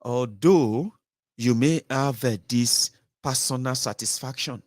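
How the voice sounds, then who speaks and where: A man's voice: medium pitch, slow, dry recording. Mocking Nigerian man, dry close voice. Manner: mocking, switching between English, Pidgin and Yoruba. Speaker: host of a political commentary show. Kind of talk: animated political monologue.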